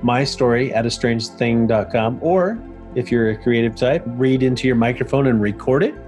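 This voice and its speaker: A man hosting a podcast in relaxed, joking chat that easily wanders off topic, recorded remotely. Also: medium pitch, moderate pace, faint music behind. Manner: joking, rambling, easily sidetracked. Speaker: podcast host. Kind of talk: casual chat. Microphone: remote call.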